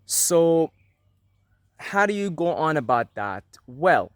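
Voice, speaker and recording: A man's voice: on the high side, very animated, slow, no echo. Earnest man, dry close sound. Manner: earnest, repeats points for emphasis. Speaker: spiritual video host. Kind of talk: casual spiritual teaching to camera. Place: apartment at night.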